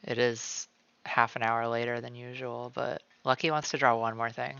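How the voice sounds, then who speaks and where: Gravelly, bright-voiced man chatting on stream. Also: medium pitch, level tone, moderate pace, muffled recording, a little hiss or hum. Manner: calls himself by name in the third person; rambling, many "like" fillers. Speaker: streamer drawing live. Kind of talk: casual chat while drawing. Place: at home, cat nearby.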